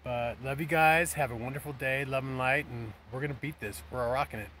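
A man's voice: medium pitch, a little fast, bright, forceful tone, a little hiss or hum. Chatty rambling man outdoors. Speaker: vlogger. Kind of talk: casual camping vlog. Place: campground by a river, outdoors.

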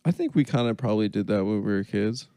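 Gravelly man in his thirties, comedy podcast, exasperated deadpan quips, dry sound. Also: on the low side, no room sound. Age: 30s. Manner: exasperated, quick deadpan comebacks. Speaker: podcast co-host. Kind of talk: casual comedy podcast banter.

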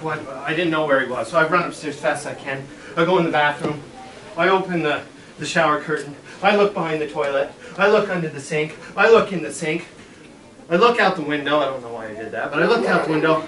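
A man's voice: a little high, brisk, pushed and bright. A middle-aged man, a school superintendent, telling a playful story to a class of children and acting out the voices. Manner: playful, dramatic, acts out voices. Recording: echoey room, mic far off, children around.

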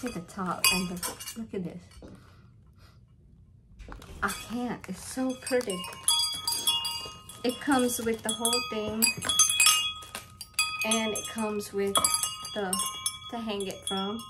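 A woman's voice: medium pitch, steady tone, slow pace, long pauses, heavy background noise. A woman, opening birthday mail in a casual vlog, gushing and repeating herself as she talks to viewers. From Louisiana, USA. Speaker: crafting channel vlogger.

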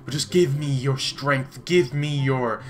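Irish man putting on a hushed mock preacher. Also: mid-range voice, takes it slowly, over music, voice pushed down, close to an everyday voice. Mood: mock reverent. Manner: hushed, reverent mock prayer. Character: mock-solemn male preacher praying.

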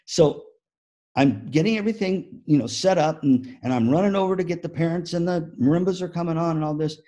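A man's voice: fairly high pitch, a little fast. A man giving a conference keynote talk to music educators, telling stories animatedly and acting out the people in them. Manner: animated storytelling with acted-out quotes. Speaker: keynote speaker.

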